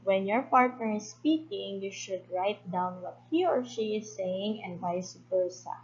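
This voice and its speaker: A woman teacher giving a recorded English lesson, explaining slowly and patiently with fillers. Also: medium pitch, animated, lo-fi sound.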